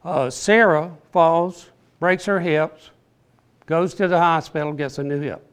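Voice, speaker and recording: An older man leads a casual Bible class, his voice sitting a little high for a man. He talks slowly and plainly, with an earnest, halting manner as he works through scripture. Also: steady tone, clear, resonant tone. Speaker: Bible study teacher. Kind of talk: informal Bible class teaching.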